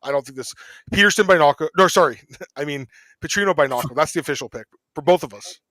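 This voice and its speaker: Quick-paced and sharp, a slightly high male voice hosts a podcast of casual betting banter over fight picks, laughing often and rambling.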